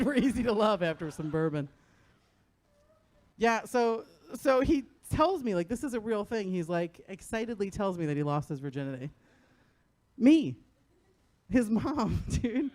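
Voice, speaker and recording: A middle-aged woman from New Jersey doing a profane stand-up set on a club stage, often laughing at her own lines. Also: darkish tone. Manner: brash, profane, laughing often, acting out her son in a high voice. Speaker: stand-up comedian. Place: comedy club stage before a live audience.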